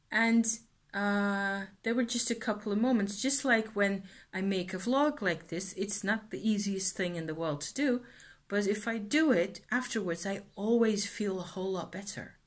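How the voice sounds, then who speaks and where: A woman's voice: mid-range voice, normal speed. A middle-aged woman vlogging reflectively about her feelings, hesitant and earnest, often trailing off and restarting. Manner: earnest, self-examining. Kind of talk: reflective personal vlog.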